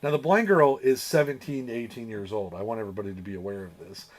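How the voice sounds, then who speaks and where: Swearing and laughing, a man on his podcast rambles casually through a movie recap. His voice is on the low side and he talks quickly.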